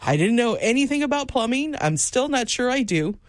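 A woman co-hosting a radio talk show, telling everyday stories with easy laughter. Her pitch swings widely and lively, and the studio sound is close and dry. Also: a little fast, no echo. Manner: laughs often, animated storytelling. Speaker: radio co-host. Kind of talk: casual on-air chat.

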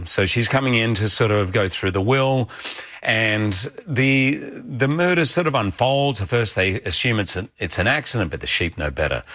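A middle-aged male actor in a relaxed interview, enthusiastic and gushing, laughing easily as he talks. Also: medium pitch. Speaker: actor interviewed about his film.

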